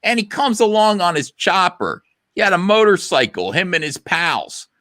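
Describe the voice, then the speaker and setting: A man's voice: sits high, big pitch swings, moderate pace, pushed and bright, no room sound, studio quality, voice pushed up, exaggerated voice. A man voicing his blunt old grandmother as she tells a crude story in a raised voice. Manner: blunt, crude, matter-of-fact. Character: brash old Jersey grandma telling a story.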